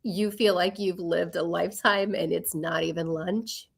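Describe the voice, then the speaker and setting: A woman in her forties co-hosting a podcast, telling stories in an animated way and acting out her own quotes. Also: fairly low pitch, normal speed, gravelly. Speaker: podcast co-host. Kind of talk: casual chat.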